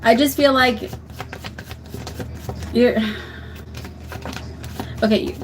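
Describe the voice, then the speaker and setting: A woman's voice: on the high side, steady tone, extremely slow, background noise. A young woman giving a tarot reading on a livestream, talking in a soothing, emotional way and often restarting her sentences. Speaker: tarot reader.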